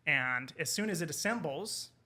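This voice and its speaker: Bright-voiced man retelling a folk tale. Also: fairly high pitch, normal speed. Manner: animated retelling with quoted character lines. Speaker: podcast guest, English professor. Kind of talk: casual storytelling over wine.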